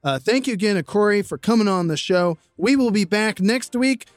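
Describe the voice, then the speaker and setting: A man's voice: high voice, expressive, normal speed, no room sound. A man hosting a podcast, loose and jokey, wrapping up a show. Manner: loose, jokey, puts on silly voices. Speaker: podcast host. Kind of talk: casual chat.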